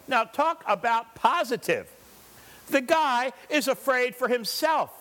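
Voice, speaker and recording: A man's voice: extremely high pitch, sing-song, measured pace, fairly bright tone. A male pastor preaching a sermon, driving his points home with rhetorical questions and briefly acting out the voices of scripture figures.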